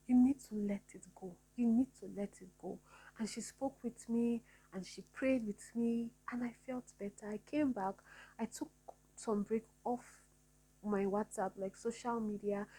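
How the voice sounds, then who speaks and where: A woman's voice: on the high side, darkish tone, rough recording. A woman talking earnestly to her viewers in a personal vlog, repeating her points to encourage them. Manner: earnest, repetitive, encouraging, faith-filled. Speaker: vlogger.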